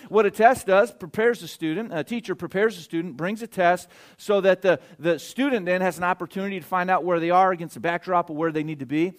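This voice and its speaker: A man preaching with a fairly high voice, driving his points home with sudden loud stresses. He drops into quiet, confiding asides and keeps checking in with the congregation as he reads and explains scripture. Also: fairly quick, few pauses. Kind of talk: sermon with scripture reading.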